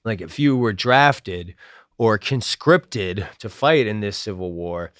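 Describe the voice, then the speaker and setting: Man, late 30s, from New Jersey, a frontman recalling his old songs. Low-ish, smooth voice, recorded dry and close. Rambling and sardonic. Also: lively intonation, slow pace, a bit bright, dry recording. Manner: rambling, filler-heavy, with sardonic asides. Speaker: songwriter and band frontman. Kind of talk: casual retrospective interview.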